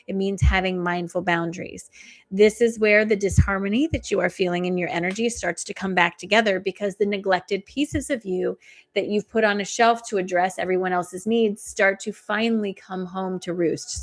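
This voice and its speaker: A woman hosting a live stream, giving spiritual oracle card readings and chatting with viewers in a fast, soothing way. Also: medium pitch. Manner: talks fast. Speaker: intuitive reader and coach, live stream host.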